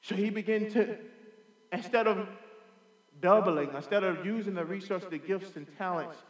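An impassioned man preaches with a high-pitched voice, repeating phrases and swinging from loud declarations to hushed asides. The sound comes from a roomy hall with a long echo trailing after him. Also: normal speed. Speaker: pastor. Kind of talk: preaching a sermon. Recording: echoey hall with long reverb.

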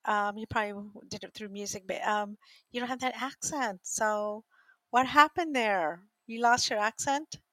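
A woman's voice: medium pitch, moderate pace, bright, forceful tone, no room sound. A woman hosting a talk show, interviewing a guest in a chatty, encouraging way with plenty of fillers. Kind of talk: casual interview.

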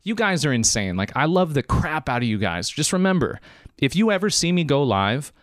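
A man hosts his podcast live, talking in a slightly high, very animated voice. He is emotional and choked up, and he drives his points home by repeating them. The sound is dry and close. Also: a little fast, dry recording. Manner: emphatic, emotional, repeats phrases for emphasis. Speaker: podcast host. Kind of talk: live-streamed podcast monologue.

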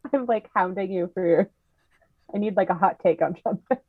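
A woman's voice: medium pitch, moderate pace, no echo. A woman co-hosts a podcast in easy, casual chat. She talks in a chatty, giggly way and quizzes her co-host. Her voice comes through a dull, lo-fi mic in a dry space.

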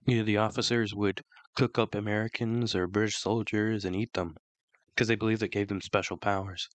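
A man co-hosting a podcast in casual, opinionated chat, rambling with many restarts, his throat still rough from flu. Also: on the low side, level tone, a little fast, no room sound. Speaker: podcast co-host.

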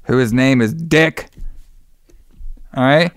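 A young man chats casually on a podcast, recapping a film scene by scene and slipping into the characters' voices as he goes. His voice sounds smooth and clear. The room sounds dry and close. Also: medium pitch, slow pace, dry recording. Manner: animated storytelling, acts out characters' lines. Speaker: podcast co-host recapping a movie. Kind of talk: casual chat.

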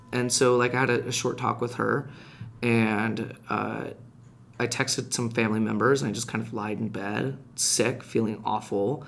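A man telling a personal story in casual podcast chat, animated and rising in pitch when reliving heated moments. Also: normal speed, gravelly. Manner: frequent restarts and fillers, conversational. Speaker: podcast guest.

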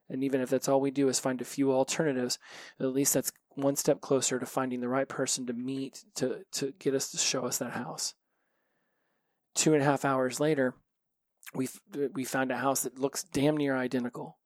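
A man talks alone into his podcast mic, frank and reflective, with swearing dropped in naturally. His voice sits at an ordinary middle pitch. The sound is dry and close. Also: little pitch movement, moderate pace, a little mellow, no echo. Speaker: podcast host. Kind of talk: candid solo podcast monologue.

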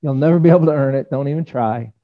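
Male pastor, mid-pitched, earnest conversational sermon delivery with acted quotes, dull lo-fi church recording. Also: fast talker. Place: church sanctuary.

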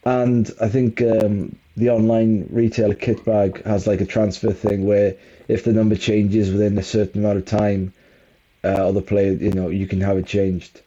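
A man's voice: lowish voice, flat delivery, moderate pace, mellow, highs cut off. A man co-hosting a casual football podcast, rambling and self-mocking as he talks through the match. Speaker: podcast co-host.

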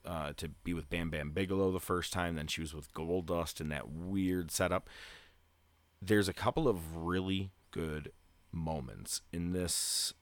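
A man with a very low voice talks in a loose, rambling way, heavy on fillers. He speaks close to the mic in a dry, dead room. He sounds like a podcast host chatting casually. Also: no echo. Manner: grows loud and hyped toward a segment tease. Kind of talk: casual chat.

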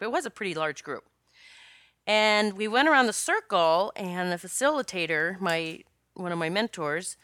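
A woman's voice: mid-range voice, sharp tone, dry recording, clean studio sound. A woman hosting her own podcast as a spiritual coach, telling a personal story in a chatty, rambling way with many restarts and laughs. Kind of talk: casual solo podcast storytelling.

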